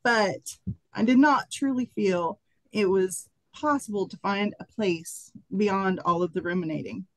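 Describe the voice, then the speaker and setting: A woman reading a personal piece aloud, emotional and halting. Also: medium pitch, dry recording, rough recording. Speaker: workshop participant reading her writing. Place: conference workshop room.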